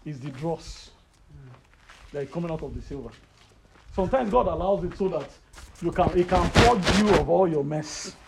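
A man with a Nigerian accent preaching a sermon, telling a personal story in an animated, rising voice. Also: a little high, normal speed, vocal fry, long pauses, heavy background noise. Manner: animated, rises to loud excited storytelling.

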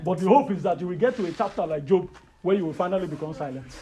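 A man with a Nigerian accent preaching a sermon, telling a personal story in an animated, rising voice. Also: high-pitched, fast talker. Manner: animated, rises to loud excited storytelling.

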